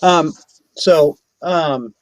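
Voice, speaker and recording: A man's voice: a little high, extremely slow, dry recording. A man hosting a casual online chat show, rambling with many restarts and eating while he talks. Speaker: show host.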